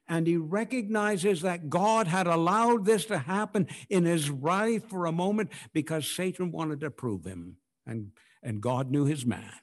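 A man preaching a sermon, swinging from hushed, drawn-out phrases to loud, ringing declarations as he acts out scripture. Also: on the high side, animated. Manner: dramatic swings from hushed to loud, acting out quotes.

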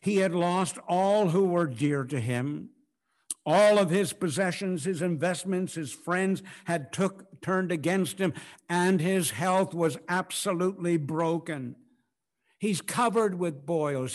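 A man preaching a sermon, swinging from hushed, drawn-out phrases to loud, ringing declarations as he acts out scripture. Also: high-pitched. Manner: dramatic swings from hushed to loud, acting out quotes.

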